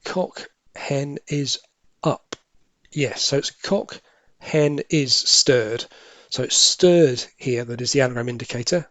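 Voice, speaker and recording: A man talking his way through a crossword, pausing to mutter clues under his breath before explaining them. His voice sits in an ordinary middle register. It is recorded close and dry, with no room sound. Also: mid-range voice, fairly bright tone, no echo. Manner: musing, self-correcting, half-muttered asides. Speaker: crossword solving tutor. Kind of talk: thinking aloud while solving a crossword.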